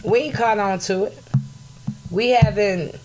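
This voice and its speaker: A woman's voice: mid-range voice, a little slow, music in the background. Furious woman ranting on her podcast. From United States. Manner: angry, blunt, swears, rises to shouting; greets live chat viewers mid-talk. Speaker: podcast host. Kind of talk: impassioned solo podcast talk.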